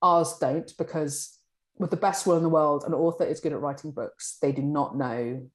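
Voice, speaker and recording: A woman in a publishing role, answering interview questions in a chatty, animated way. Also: sits low, moderate pace. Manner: chatty, animated, acts out colleagues' lines. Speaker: publishing director. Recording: echoey room.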